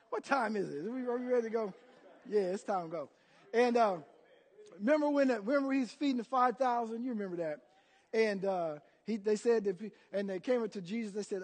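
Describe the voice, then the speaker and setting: High-voiced pastor preaching in an echoing hall. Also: male voice, a little mellow. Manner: emphatic, call-and-response preaching. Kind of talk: sermon.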